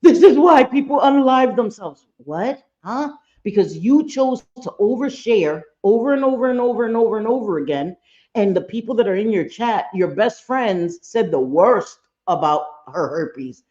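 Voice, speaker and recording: A woman's voice: mid-range voice, lively intonation, moderate pace, darkish tone, lo-fi sound. A woman hosting a live reaction stream, talking bluntly and profanely and getting fired up.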